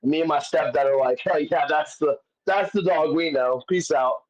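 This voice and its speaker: A man's voice: a little high, normal speed. A man, a comedian guest, telling stories in casual chat, swearing often and rambling with many fillers. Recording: dull lo-fi audio.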